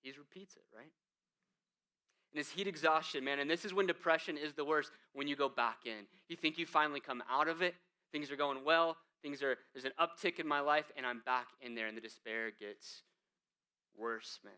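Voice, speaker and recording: A man preaching a sermon as the church's pastor, in a conversational style with asides, moving between hushed and emphatic delivery. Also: fairly high pitch, normal speed, clear, resonant tone. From United States.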